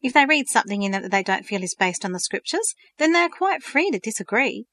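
A woman's voice: a little high, very animated, quick pace, fairly bright tone, no room sound, clean studio sound. A woman voicing an earnest, thoughtful teenage girl in a storybook reading, asking pointed questions.

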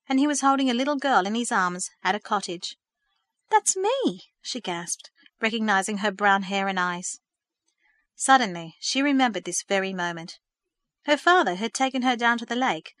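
A woman reading a story aloud in a measured, gentle storytelling manner. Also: fairly high pitch, no echo, clean studio sound. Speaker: narrator. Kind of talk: scripted storybook narration.

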